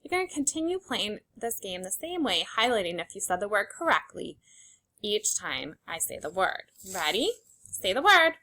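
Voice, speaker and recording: A young adult woman with a sharp tone and medium pitch guides little children through a phonics lesson in a sing-song manner. She carefully sounds out each letter and encourages them with upbeat praise.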